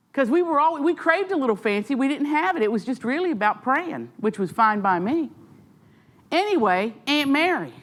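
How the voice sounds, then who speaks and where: A middle-aged woman with a Southern American accent, telling stories to an audience at a library author talk with lively, self-mocking asides. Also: mid-range voice. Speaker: author speaking at a library event. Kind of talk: storytelling talk. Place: library event hall with an audience.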